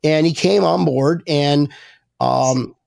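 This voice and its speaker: A rowdy man hosting a podcast, his voice a little high for a man and gravelly, with a dry close sound. He jokes loudly and trips over his words when he gets excited. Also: slow pace, no echo. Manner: loud, excitable, joking, stammers when worked up. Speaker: podcast host. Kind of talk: rowdy casual podcast banter.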